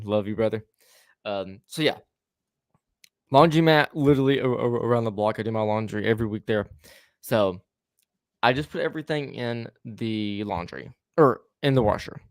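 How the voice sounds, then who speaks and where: A man tells a story on a podcast, stumbling over his words and swearing as he acts out what everyone said. His voice sits at an ordinary middle pitch. The sound is dry and close, with no room around it. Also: dry recording. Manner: rambling, stammering restarts, swearing, acts out quoted lines. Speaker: podcast co-host telling a story. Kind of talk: casual storytelling chat.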